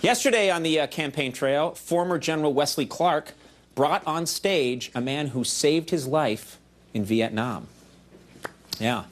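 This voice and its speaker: A man in his forties hosting a late-night show, delivering a quick, self-mocking comedy monologue with shouty outbursts on a studio stage. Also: a little high. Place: television studio stage before live audience. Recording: VHS archive broadcast with loud audience.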